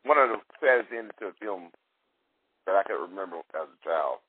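A man's voice: low voice, expressive, a little fast, breathy edge. A man adding short comments and factual corrections in a casual podcast chat. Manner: brief interjections, correcting facts. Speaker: podcast guest or co-host. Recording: tinny phone-like line with faint hiss.

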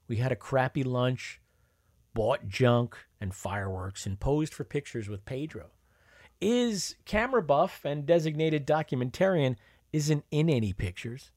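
A man's voice: medium pitch, sing-song, moderate pace, darkish tone, no room sound, studio quality. A man narrating a memoir in a wry, conversational storytelling manner. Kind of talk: memoir reading.

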